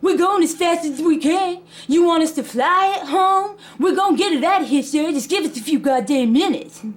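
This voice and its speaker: A woman doing a gruff, cursing old man who haggles. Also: medium pitch, lively intonation, fast talker, darkish tone, close to an everyday voice. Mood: exasperated. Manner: blunt, swearing, dropped grammar.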